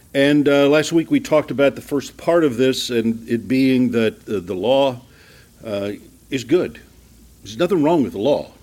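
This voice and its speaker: A man leading an evening Bible study as pastor, reading scripture slowly and explaining it in a conversational way with small asides. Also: mid-range voice, darkish tone. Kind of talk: sermon, verse-by-verse Bible teaching. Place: church room with a group.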